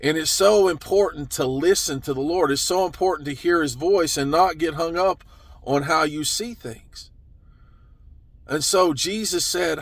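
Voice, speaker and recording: A man preaching in a slightly high voice, slow and earnest, easing down to a near hush for quiet moments. The sound is close and dry, with no room around it. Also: dry recording. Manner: slow, earnest storytelling with drops to a soft hush. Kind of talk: sermon.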